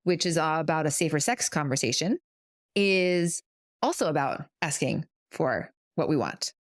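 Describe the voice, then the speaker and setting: Middle-aged woman podcast co-host, low-pitched voice, dry close sound, earnest, reflective, explains at length. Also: animated, normal speed, no room sound. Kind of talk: casual conversational podcast.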